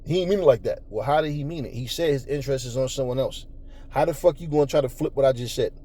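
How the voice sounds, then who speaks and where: A man's voice: mid-range voice, fast talker, warm tone. A middle-aged man hosting a boxing talk show, ranting profanely and confrontationally at his audience and mocking their voices. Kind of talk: ranting commentary.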